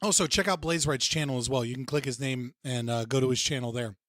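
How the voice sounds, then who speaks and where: Profane streamer with a dry sound. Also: male voice, mid-range voice, fast talker, fairly bright tone, no echo. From United States. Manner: profane, ranting, joking. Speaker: livestream host. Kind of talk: casual live-stream reaction talk.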